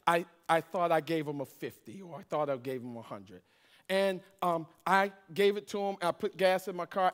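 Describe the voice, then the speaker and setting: High-voiced pastor telling a funny testimony. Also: male voice. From Washington, D.C. area. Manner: animated storytelling, jokes with congregation. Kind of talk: sermon testimony with humor.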